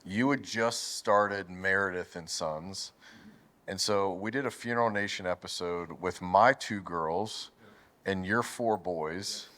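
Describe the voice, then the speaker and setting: A man hosting a casual interview, relaxed and quick to laugh. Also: deep voice. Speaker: host.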